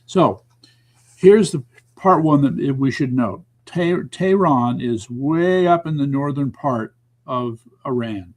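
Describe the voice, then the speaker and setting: A man co-hosts a casual talk stream, reading viewer comments and tossing in dry, wry remarks. His voice is mid-range and plain, at an easy conversational pitch. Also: slow. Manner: dry, wry asides, reads chat. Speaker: co-host.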